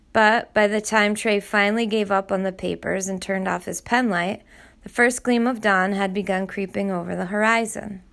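A woman narrating a novel chapter in a steady, measured storytelling voice. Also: medium pitch, vocal fry. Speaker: audiobook narrator. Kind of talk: scripted narration.

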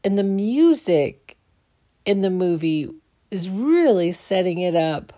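This podcast host, sleepy in the early hours, chats casually alone, rambling with many restarts. Her lowish, dark-toned voice is very animated even as she takes it slowly.

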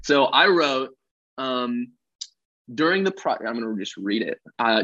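A young man talks casually as a musician guest, rambling and joking at his own expense. His voice sits at an ordinary middle pitch. The sound is dry and close, with no room echo. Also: animated, measured pace, bright, forceful tone, dull audio. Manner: jokey, self-deprecating, rambling. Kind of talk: casual interview chat.

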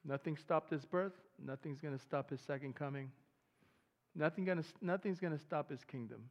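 A man preaching a sermon as pastor, talking to the congregation in a relaxed way and breaking into loud excited bursts. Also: on the high side, normal speed, muffled recording.

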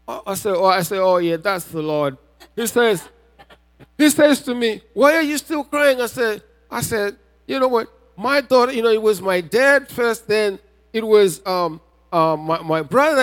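A man preaching a sermon as a pastor, telling a personal testimony and building to shouted appeals. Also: extremely high pitch. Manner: testimony told with rising intensity, often shouting. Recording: reverberant hall.

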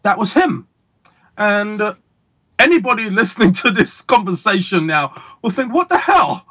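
Husky-voiced man telling stories deliberately. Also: sits high, lively intonation, bright, forceful tone. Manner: deliberate, emphatic, pauses for effect. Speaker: guest magician. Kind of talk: casual interview storytelling.

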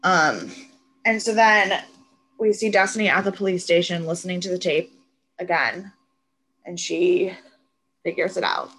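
A young woman co-hosting a podcast, retelling a TV episode in casual, animated chat with plenty of swearing. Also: fairly low pitch, a little slow, pauses often, slight background noise, low-quality recording. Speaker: podcast co-host.

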